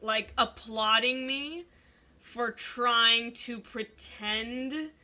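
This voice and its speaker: Bright-voiced young woman podcast host. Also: a little high, drawn-out words. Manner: animated storyteller, mimics voices in anecdotes. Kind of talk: casual chat.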